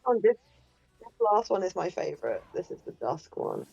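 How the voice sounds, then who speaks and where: A woman's voice: fairly low pitch, big pitch swings, moderate pace, gravelly, dark tone, husky, muffled recording. A woman co-hosting a game stream, playful and teasing, chatting casually and swearing now and then. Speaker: streamer co-host. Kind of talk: casual chat while gaming.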